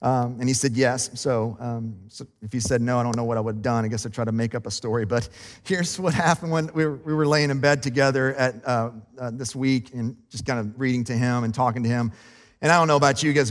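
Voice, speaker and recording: A man who is a pastor, preaching a sermon in a relaxed, conversational and self-deprecating way, laughing often. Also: mid-range voice, big-room sound. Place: church sanctuary.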